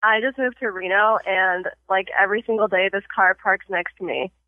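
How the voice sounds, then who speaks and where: A woman's voice: medium pitch, fairly even intonation, moderate pace, dry recording. A woman in casual chat, quizzing her friend and giving short verdicts between giggles. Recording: tinny phone-line call.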